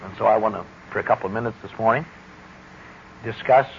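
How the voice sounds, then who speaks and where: A middle-aged man speaking deliberately and wryly, giving a personal testimony talk about recovery. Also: fairly low pitch. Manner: deliberate, wry, emphatic speaking. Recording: dull lo-fi recording with faint hiss.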